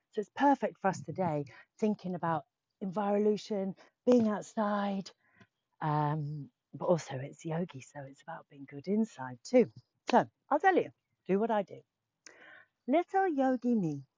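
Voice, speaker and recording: A woman's voice: medium pitch, slightly rough, no room sound, dull audio. Playful woman leading kids' yoga. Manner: playful, animated, sing-song for children. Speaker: kids yoga teacher. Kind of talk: children's yoga class with storytelling.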